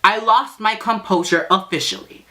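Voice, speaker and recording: A woman's voice: mid-range voice, normal speed, pushed and bright. A young woman telling a dramatic story in a casual vlog, sassy and heavily profane. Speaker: vlogger.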